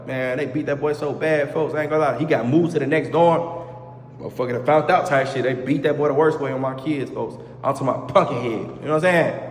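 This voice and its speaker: A man's voice: medium pitch, slight background noise. A man telling a casual storytime, full of street slang and repeated oaths, acting out the heated parts. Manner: animated, acts out heated quotes. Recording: echoey room with long reverb.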